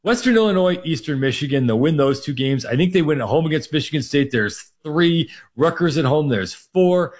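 A man's voice: on the high side, expressive, moderate pace, few pauses. A man from Minnesota, co-hosting a sports radio show, breaking down college football win totals in a rambling way, full of fillers. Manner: rambling, heavy on fillers like "you know" and "like". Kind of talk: sports betting talk on air.

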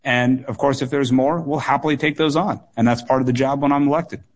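A man's voice: medium pitch, steady tone. Earnest man answering interview questions. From United States. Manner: earnest, measured, frequent fillers and repeated words. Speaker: political candidate. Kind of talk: call-in radio interview answers.

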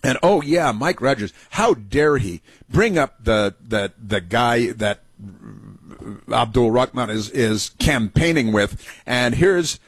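A male talk radio host riffing through political commentary, sarcastic and mocking, stumbling over filler words as he goes. His voice sits at a middle pitch. It is recorded dry and close, with no room sound. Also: lively intonation, slow pace, husky, no room sound.

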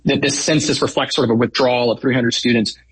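Husky guy breaking down local news, lots of ums and right?, dry sound. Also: medium pitch, steady tone, fast talker, dry recording, rough recording. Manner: casual, with frequent fillers and "right?". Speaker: news founder and guest. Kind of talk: conversational news analysis.

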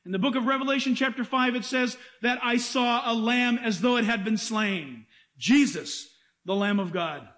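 Middle-aged male preacher, very high voice, animated sermon delivery, plays out quotes. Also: normal speed. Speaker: pastor.

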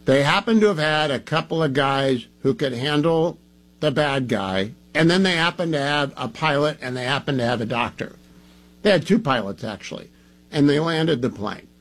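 A man's voice: fairly high pitch, expressive, normal speed, fairly bright tone. A man hosting a talk radio show, chatting casually and emphatically while groggy from medication. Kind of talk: casual monologue.

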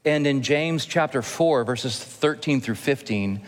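A man preaches to his congregation in a steady, middle-pitched voice, earnest and now and then gently joking. His words linger in the long reverb of a church hall. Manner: earnest, gently humorous preaching with emphatic pauses. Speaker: pastor. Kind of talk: sermon. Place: church sanctuary.

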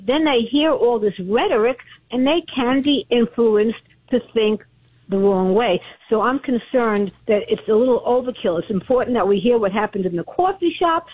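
A woman's voice: a little high, lively intonation, normal speed, breathy edge. Chatty woman caller on a tinny phone line. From Brooklyn, New York. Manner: chatty, earnest, repetitive. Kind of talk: phone-in call.

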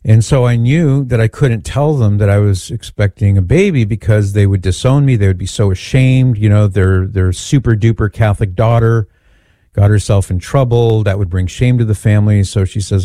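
Dark-voiced man telling a story. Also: fairly low pitch, no echo. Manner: earnest, measured, repeats phrases for emphasis. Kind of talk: personal storytelling talk.

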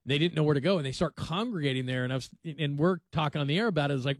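A man's voice: a little high, fast, no echo. A man hosting a sports talk radio show, rambling and conversational with dry sarcasm. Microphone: studio microphone.

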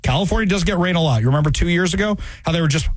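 A man hosting a talk radio show, sarcastic and animated, repeating phrases for emphasis into a studio mic. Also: fairly high pitch, rapid-fire, no room sound, poor audio.

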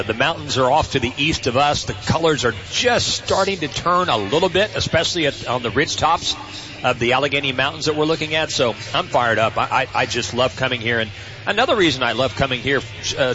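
A man, the play-by-play radio voice of a team, gives folksy, relaxed analysis from a stadium booth. His tone is bright and forceful. The sound is dull, and faint music plays behind him. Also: mid-range voice. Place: football stadium broadcast booth.

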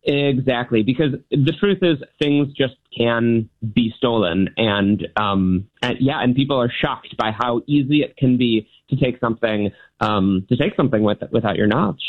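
A man's voice: mid-range voice, moderate pace, few pauses. A male magician, a guest on a radio show, explaining things in a friendly, easygoing way. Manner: friendly, explanatory, laughs easily. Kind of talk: casual interview. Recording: tinny phone line.

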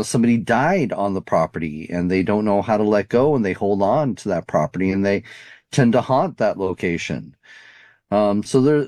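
A man's voice: on the low side, darkish tone, dry recording. A man answering interview questions in a thoughtful, searching way, full of "you know" and "um". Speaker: paranormal investigator guest.

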